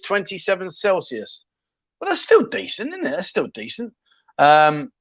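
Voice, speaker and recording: A man's voice: high-pitched, fairly bright tone, no room sound, dull audio. A man hosting a casual livestream, chatting loosely and reading viewer comments with plenty of ums and restarts. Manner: chatty, rambling, jokey, with many ums and restarts. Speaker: livestream host.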